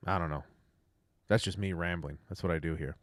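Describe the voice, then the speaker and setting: A young man with a low voice rambles through a casual livestream rant, chatty and profane. He is recorded close and dry, with no room sound. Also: fairly even intonation, brisk, dry recording. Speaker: livestream host.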